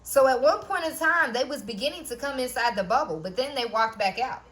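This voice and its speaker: A woman gives a loose, chatty tarot reading in a slightly higher voice. She checks in with "okay?" after almost every thought. She laughs often and drops the odd curse word. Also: a little fast, fairly bright tone. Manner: repeats "okay?" often, laughs, swears casually. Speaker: tarot reader. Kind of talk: casual spiritual reading.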